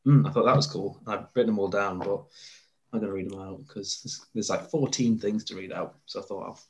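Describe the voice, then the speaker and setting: A podcast co-host with a lowish male voice talks a little fast in casual chat, reading out definitions and facts he looked up and laughing along.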